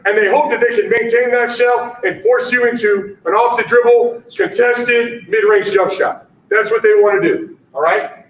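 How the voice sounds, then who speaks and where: Male basketball coach presenting at a conference, high voice, punchy catchphrase delivery, echoey distant room mic. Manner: energetic, punchy, repeats catchphrases, keeps asking "all right?".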